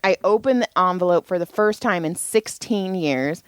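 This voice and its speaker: A woman in her forties telling a profane, animated story on a casual podcast, speaking as a parent. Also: lowish voice, moderate pace, smooth, no room sound, soft background music. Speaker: podcast co-host.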